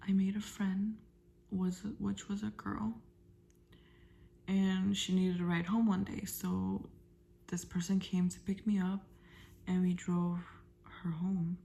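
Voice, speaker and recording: A young woman vlogger telling a personal story in casual, halting talk that sometimes drops to a whisper. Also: mid-range voice, level tone, gravelly. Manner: halting, trails into soft whispers.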